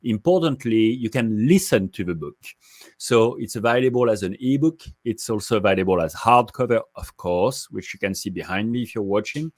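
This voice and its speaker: Male guest expert, low voice, measured and explanatory, dry close sound. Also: expressive, no room sound. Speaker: guest, market research executive. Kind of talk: interview answers.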